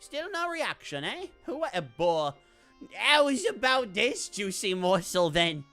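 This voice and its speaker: Woman doing a gossipy male soldier, drawling, coarse slang, sly, lively pitch. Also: takes it slowly, soft background music. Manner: sly, conspiratorial, teasing.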